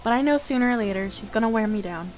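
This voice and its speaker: A woman with a fairly high, darkish voice talks fast in a rough recording while hosting a let's play. She reads a visual novel aloud, breaking off for playful, chatty asides.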